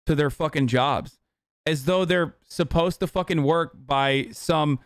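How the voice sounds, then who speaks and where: A man's voice: on the high side, unhurried, dry recording, clean studio sound. A man streaming a reaction to a clip, ranting in a heated, profane, casual way.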